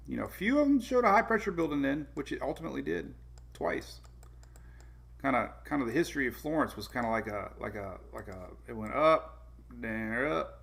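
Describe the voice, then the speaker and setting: A man's voice: fairly high pitch, creaky, fairly bright tone. A man hosting a casual weather livestream, rambling and correcting himself, chuckling and reading out viewer comments. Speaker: weather show host.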